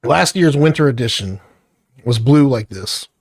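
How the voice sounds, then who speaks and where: A middle-aged man ranting into the camera, his voice heated and full of profanity. He sounds close and dry, with no room echo, at an ordinary mid pitch. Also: expressive, a little slow. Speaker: vlogger. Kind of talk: angry personal rant to camera.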